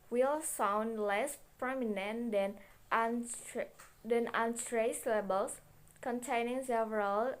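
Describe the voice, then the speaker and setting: Slow, careful young woman student presenter. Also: a little high. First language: Indonesian. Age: young adult. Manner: slow, careful reading with restarts and self-corrections. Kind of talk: reading a class presentation.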